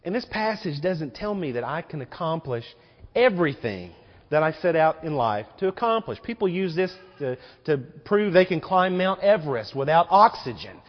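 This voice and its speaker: Animated preaching man in a reverberant church. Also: fairly high pitch, moderate pace. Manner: animated preaching with rhetorical questions. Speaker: pastor. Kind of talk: sermon. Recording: muffled recording with long hall reverb.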